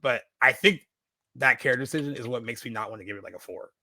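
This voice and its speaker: A man talking through a film in a casual podcast chat, rambling and full of fillers. His speech runs quick and bright. The sound is dry and close. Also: medium pitch, no room sound. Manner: rambling, many fillers and restarts. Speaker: podcast co-host.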